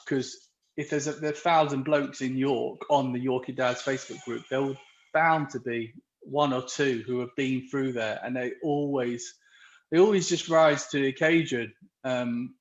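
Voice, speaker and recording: A man's voice: medium pitch, moderate pace, dull audio. Earnest man on a roomy video call. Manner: earnest, rambling with many restarts. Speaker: interviewee, dads' group organiser. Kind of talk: live online interview.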